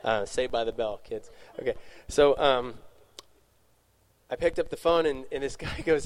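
A man's voice: medium pitch, normal speed. Man, casual personal testimony, rambling, self-correcting, youth talk. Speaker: youth speaker. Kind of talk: casual testimony to young adults.

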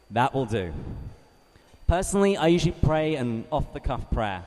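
A man from England, giving a measured teaching talk to a live group, reading scripture slowly and asking his listeners questions. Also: medium pitch, very animated, a little mellow. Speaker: Bible study speaker. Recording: reverberant hall.

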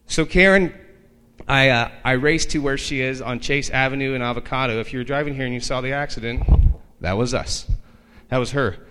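A man emceeing a gathering, introducing the next speaker with a lively story and acting out the voices of the people in it. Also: mid-range voice, fairly quick, in a large hall, slight background noise. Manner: lively, acts out quoted voices.

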